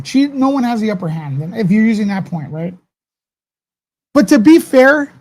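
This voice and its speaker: A man's voice: high-pitched, darkish tone. Heated, cussing man ranting on a live stream. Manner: heated, profane, rambling with restarts. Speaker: host of a live commentary stream. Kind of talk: live-stream commentary, talking to chat.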